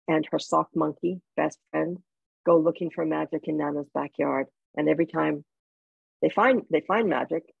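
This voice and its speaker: A woman's voice: low-pitched, creaky, slightly rough, no echo, narrow, tinny audio. A woman from Jamaica, an author guest in an interview, telling personal stories in a heartfelt way with restarts. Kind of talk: interview conversation.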